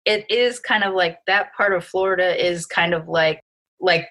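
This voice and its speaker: A woman hosts a casual podcast chat over a remote call. Her voice is bright and forceful but sits a little low in pitch. She tells stories in a lively way and laughs often. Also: moderate pace. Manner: lively, animated storyteller who laughs often. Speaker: podcast host.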